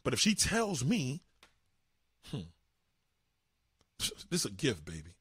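A man's voice: mid-range voice, wildly swooping pitch, slow, fairly bright tone, husky, no room sound, clean studio sound. Brash profane New man ranting. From New York. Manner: profane, brash, acts out both sides of conversations. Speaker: commentator. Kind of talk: casual rant to viewers.

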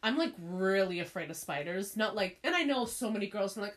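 A woman's voice: medium pitch, fairly quick, few pauses. A young woman in casual chat, giggly and blunt, swearing a lot and saying "like" often.

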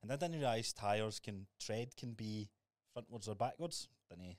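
Young Scottish podcast co-host, lowish voice, dry close sound, sweary animated storyteller. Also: male voice, a little slow, dry recording. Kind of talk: casual chat.

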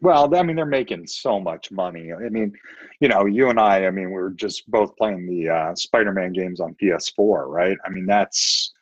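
A man's voice: low-pitched, moderate pace, breathy edge, no echo, highs cut off. A man co-hosting a casual podcast chat, blunt and opinionated, swearing now and then. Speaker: podcast co-host.

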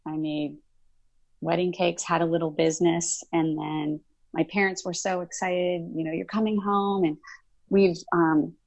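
Animated storytelling woman, slightly low voice. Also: a little slow, gravelly, no room sound. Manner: animated, acts out past dialogue in quoted voices. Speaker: college instructor. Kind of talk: casual storytelling interview.

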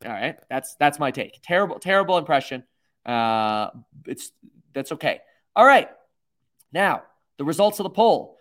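A man's voice: on the high side, very animated, moderate pace, fairly bright tone. A man hosting a livestream, rambling and self-mocking with lots of fillers. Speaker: host. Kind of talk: livestream commentary.

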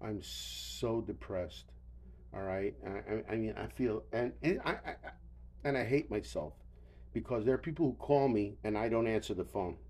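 Weary, stammering older man, low voice. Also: lively intonation, normal speed, darkish tone. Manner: weary, profane, stammering restarts. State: tired and yawning. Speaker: podcast host. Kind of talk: rambling solo monologue.

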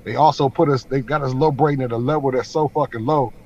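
A man talks quickly and eagerly in a casual chat with a friend, often doubling back and repeating himself. His voice sits at an ordinary middle pitch. The recording is dull and lo-fi. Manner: fast, animated, restarts and repeats words. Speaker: YouTube host.

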